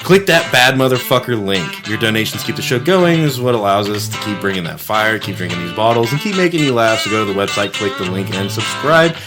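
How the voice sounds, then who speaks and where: A man co-hosting a podcast, telling a story in a casual, profane, animated way. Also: on the low side, fairly quick, few pauses, over music. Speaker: podcast co-host.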